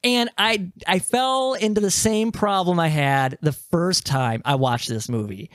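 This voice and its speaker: A man's voice: high-pitched, a little slow, no echo, clean studio sound. A man co-hosting a movie podcast, leading a casual discussion and steering it back on track. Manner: steers the talk, animated and emphatic. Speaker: podcast co-host.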